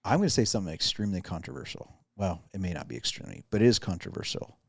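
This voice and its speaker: A man's voice: low voice, lively intonation, racing, vocal fry, slightly rough, no echo, clean studio sound. A man, a pastor and podcast host, telling a self-deprecating story in casual chat with lots of restarts.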